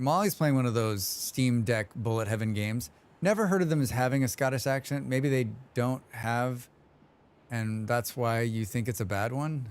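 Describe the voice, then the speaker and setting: A man's voice: medium pitch, clear, resonant tone. A man streaming a game live, chatting loosely with his viewers, humming to himself between comments. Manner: rambling, humming to himself, reading chat aloud. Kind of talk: casual live-stream chat.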